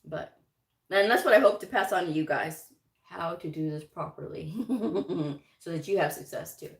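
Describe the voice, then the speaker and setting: A middle-aged American woman with a fairly low voice tells stories in a chatty, easygoing way, laughing often and slipping into little voices for the people she quotes. Her voice carries a noticeable echo from the room around her. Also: moderate pace. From United States. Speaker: medical coding educator and channel host. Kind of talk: casual storytelling livestream. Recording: echoey room.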